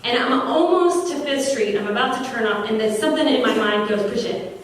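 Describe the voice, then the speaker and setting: A woman founder giving an earnest, animated storytelling speech at an opening event. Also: a little high, brisk. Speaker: business founder. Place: large echoey venue at an opening event. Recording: echoey room from far off, faint noise.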